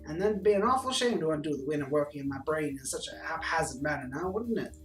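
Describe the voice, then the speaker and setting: A man's voice: fairly high pitch, animated, fast talker, lightly acted. Man doing a swaggering cowboy governor, folksy and boastful, roomy and distant, music behind. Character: brash cowboy-style American governor, self-important. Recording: roomy, distant sound under background music.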